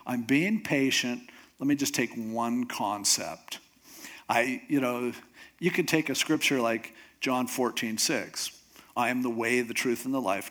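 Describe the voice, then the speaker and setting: Animated, lively-pitched male pastor preaching. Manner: conversational, animated preaching with quoted inner thoughts. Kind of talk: sermon.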